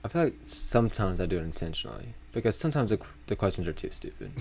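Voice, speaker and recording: A young man with a fairly low voice, co-hosting a relaxed podcast. He talks in a dry, sarcastic way and often breaks into laughs. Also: rapid-fire, no echo. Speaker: podcast co-host. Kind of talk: casual chat.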